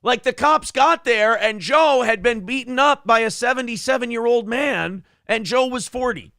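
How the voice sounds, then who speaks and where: A man's voice: very high voice, normal speed, gravelly, bright, forceful tone, clear, resonant tone, dry recording, studio quality. A man hosting a casual podcast, telling stories animatedly and slipping into funny voices for the people in them. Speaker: podcast host.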